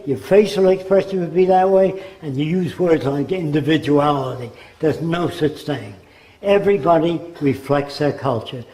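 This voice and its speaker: Old guy lecturing, rambling, does little accents, mellow kinda high voice. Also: roomy sound, low-quality recording. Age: older. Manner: rambling, mimics accents to make points. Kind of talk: informal lecture.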